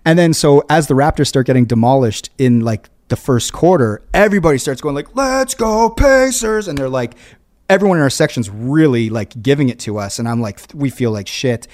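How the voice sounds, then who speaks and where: Toronto man, podcast co-host, lively storyteller with casual swearing. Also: mid-range voice, brisk. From Toronto, Canada. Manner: lively, swears freely, acts out shouted chants.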